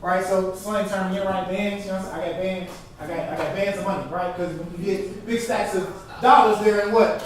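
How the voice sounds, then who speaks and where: A man speaks as a performance poet at an artist talk in a lecture hall, getting the live audience to complete his phrases in call-and-response fashion. His high-pitched voice holds a steady tone at a slightly fast pace, with a noisy background, captured from a distance in an echoey hall.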